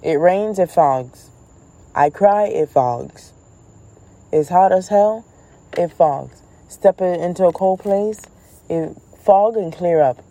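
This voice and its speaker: A woman with a low, mellow voice holds forth in a casual comedic rant. She is blunt and profane, and she tells her stories with animated energy as the host of her own show. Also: takes it slowly, low-quality recording. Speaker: podcast host.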